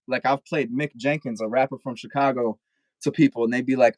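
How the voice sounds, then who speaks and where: A young man rambles through a casual podcast chat over a video call, filling every thought with "like" and swearing freely. His voice sits at an ordinary pitch. The sound is dry and close, with no room around it. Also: normal speed, no room sound, poor audio. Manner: rambling, profane, lots of filler "like". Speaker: guest rapper.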